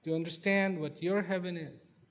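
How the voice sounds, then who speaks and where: A man giving a lecture at a university, telling a parable with repetition and dramatic pauses. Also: high-pitched, steady tone. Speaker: guest speaker. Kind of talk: storytelling lecture. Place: university student activity center.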